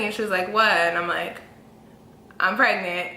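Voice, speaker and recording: Young woman vlogging, super animated storytelling, bright sharp voice, roomy echo. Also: normal speed. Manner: animated, acts out quotes with big pitch jumps. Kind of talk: casual storytelling. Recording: echoey room with faint ambience.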